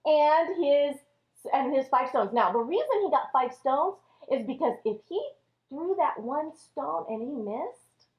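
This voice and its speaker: Woman Sunday school teacher, animated storyteller for children, very expressive, dull echoey recording. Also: high voice. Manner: animated, addresses children as friends. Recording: echoey room, dull lo-fi audio.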